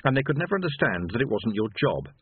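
A man reading a novel aloud as narrator, wry and measured, on a thin, phone-like recording. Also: medium pitch, sing-song, breathy edge, dry recording. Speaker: audiobook narrator. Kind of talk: scripted narration. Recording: dry phone-like lo-fi sound.

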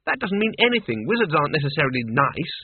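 Man voicing a bossy young woman, brisk and scolding, pitched up, thin phone-like sound. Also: sing-song, husky, dry recording, exaggerated voice. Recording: tinny narrow-band dry recording.

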